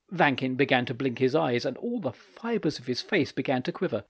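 Expressive male audiobook narrator. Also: mid-range voice, normal speed, hardly any pauses, slightly rough, muffled recording. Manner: expressive, lively storytelling. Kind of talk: audiobook reading of short stories.

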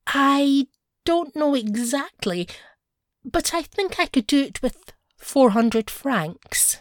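A woman's voice: mid-range voice, measured pace, darkish tone, no room sound, clean studio sound, natural voice. Woman voicing a plaintive, discontented young wife.

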